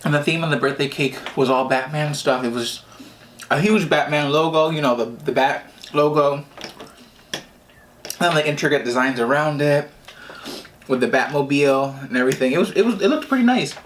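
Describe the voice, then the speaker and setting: A man's voice: fairly high pitch, normal speed, pauses often, a bit bright, slight background noise. A man vlogger telling a childhood story as he eats, rambling and restarting, laughing at his own tale. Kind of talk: storytime while eating.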